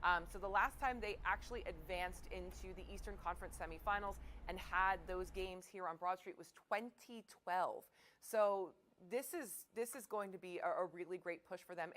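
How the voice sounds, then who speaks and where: A woman's voice: medium pitch, a bit bright. A woman sports reporter chatting casually on a live local news broadcast, enthusiastic and playful.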